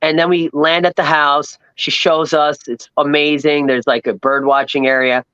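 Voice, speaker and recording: A man from Long Island, telling a rambling, animated travel story as a podcast guest and acting out the people he met. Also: a little high, normal speed, smooth, dry recording, muffled recording. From New York, Long Island. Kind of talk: casual storytelling chat.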